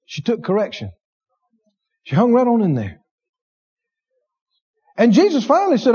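A man preaching a sermon, animated, acting out inner voices and laughing as he preaches. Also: very high voice, normal speed, pauses often, breathy edge, dull audio.

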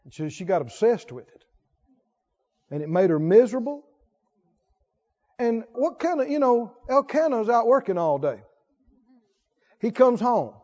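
Guy preaching a sermon, high voice bouncing all over, muffled lo-fi sound. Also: big pitch swings, a little slow, pauses often, warm tone. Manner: rhetorical questions, emphatic repetition. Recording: dull lo-fi recording.

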